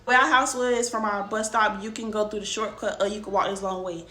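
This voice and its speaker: Young woman, casual storytime, emphatic, talks to viewers, middle-pitched, roomy recording. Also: fairly even intonation, brisk, pushed and bright. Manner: emphatic, speaks straight to viewers. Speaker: vlogger. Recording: roomy room, faint background noise.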